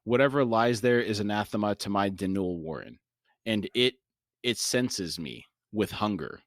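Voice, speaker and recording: A man reading the lines of a shaken male army healer from a fantasy novel, in a low, plain voice. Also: lively intonation, moderate pace, no echo, clean studio sound. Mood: uneasy.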